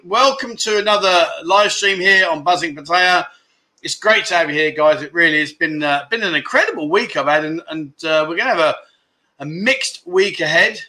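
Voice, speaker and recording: Middle-aged British male streamer, cheeky banter, high, sharp-edged voice. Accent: British English. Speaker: livestream host. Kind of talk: casual livestream chat.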